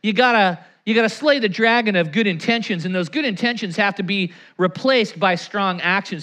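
Lively, bright-voiced male pastor. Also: high voice. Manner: animated, acts out anecdotes and quotes; leads the congregation in call-and-response. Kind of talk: sermon.

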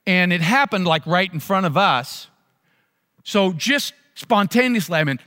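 A male pastor delivers a sermon in a high, bright voice. He tells stories with animation and acts out the voices of people in them. Long reverb from a large hall trails his words. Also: lively intonation, measured pace.

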